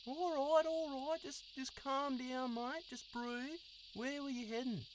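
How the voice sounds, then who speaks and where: A man's voice: unhurried, noisy background. Man voicing sweary Aussie sasquatch, Sassy. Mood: soothing. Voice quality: sweary, excitable, squeaky. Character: crude friendly Aussie male sasquatch. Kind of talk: cartoon voice acting.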